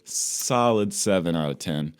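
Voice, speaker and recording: A man's voice: sits low, animated, a little slow, smooth. A man co-hosting a casual podcast over a drink, playful and upbeat, repeating phrases for fun. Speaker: podcast co-host. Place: home in the UK on a video call.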